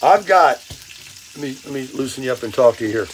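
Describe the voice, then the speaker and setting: An older man hosting a casual vlog while cooking in his camper, upbeat and self-amused, his voice a bit hoarse with frequent throat clearing. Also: mid-range voice, animated, a little fast, slight background noise, low-quality recording. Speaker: vlog host. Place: camper kitchen. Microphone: phone on a selfie stick. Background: bacon frying.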